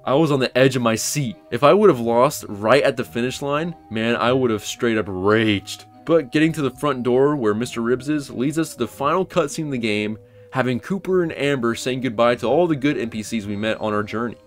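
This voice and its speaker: A young man talks through a game analysis in a casual, blunt way, at a pitch that sits in the middle for a man. Faint music plays quietly behind his voice. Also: brisk. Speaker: gaming YouTuber. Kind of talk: casual game analysis narration with live play reactions.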